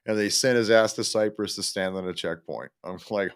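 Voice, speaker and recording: A man's voice: on the low side, a little fast, few pauses. A Canadian man, a veteran co-hosting a podcast, chatting casually in a blunt, profane way. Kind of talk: casual chat.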